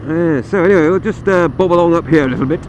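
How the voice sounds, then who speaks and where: Riding a motorcycle outdoors, a vlogger reviews the bike in a casual, self-deprecating ride-along, full of ums and uhs. His voice is a little high and he talks fast, though the recording is muffled and loud with wind and engine noise.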